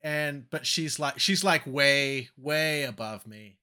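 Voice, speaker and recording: A man's voice: medium pitch, slow pace, bright, forceful tone. A man co-hosting a podcast, chatting casually in a self-deprecating way. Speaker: podcast co-host. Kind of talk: casual chat.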